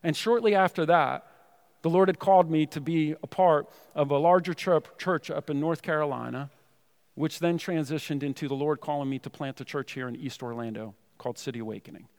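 A man's voice: on the high side, a little fast, big-room sound. A man preaching a sermon in a church, talking in a conversational way with many asides to the congregation. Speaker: pastor. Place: church sanctuary.

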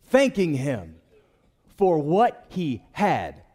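A man's voice: a little high, huge pitch swings, very slow, a little mellow, slightly rough, big-room sound. A man preaching a sermon in church, calling on the congregation to respond. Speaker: pastor.

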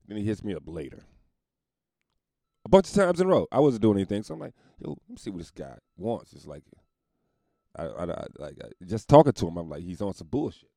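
Gravelly, animated male comedian telling a story. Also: deep voice, dry recording, studio quality. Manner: profane, laid-back, laughs through the story. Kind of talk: casual storytelling monologue.

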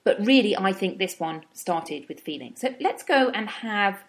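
A middle-aged woman talks through ideas at an easy teaching pace. She sounds thoughtful and measured, and now and then slips into little acted inner-voice asides. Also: mid-range voice, lively intonation. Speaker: wellbeing speaker. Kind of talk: reflective teaching talk.

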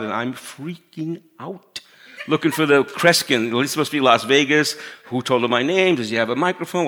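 Bright-voiced male pastor preaching conversationally. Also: on the high side. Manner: conversational preaching, drops to a hush for emphasis. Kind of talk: sermon.

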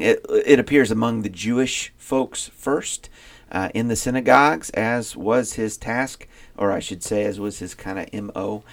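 A man's voice: lowish voice, gravelly. A man co-hosting a Bible podcast, talking through a passage in a chatty, thinking-aloud way with fillers and restarts. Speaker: podcast co-host. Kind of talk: casual Bible study discussion.

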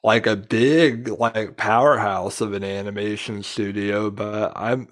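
A man's voice: on the low side, steady tone, measured pace. A man talking as a podcast guest in casual chat, rambling and filling his sentences with "like". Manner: rambling, leans heavily on "like".

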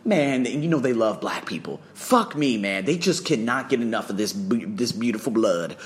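A man telling a travel story in a casual vlog, profane and excitable, swearing freely as he talks. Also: fairly low pitch, moderate pace. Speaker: vlogger and English teacher.

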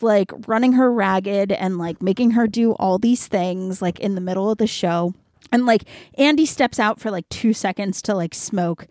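In a dry, studio-quality recording, a young adult woman with a mid-range, slightly mellow voice co-hosts a podcast. She casually walks through a book's plot in a chatty way, using "like" constantly as filler.

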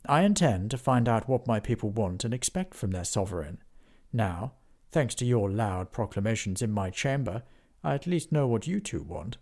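A man voicing a young king who speaks in a stately, measured way. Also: on the low side, very animated, a little mellow. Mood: commanding.

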